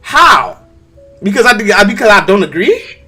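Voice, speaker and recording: A man argues in a high, lively, bright voice, tossing "bruh" into nearly every line. His pitch swings widely as he pushes back, with faint music underneath. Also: a little slow, husky. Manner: animated, argumentative, says "bruh" constantly. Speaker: stream co-host. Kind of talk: heated casual debate.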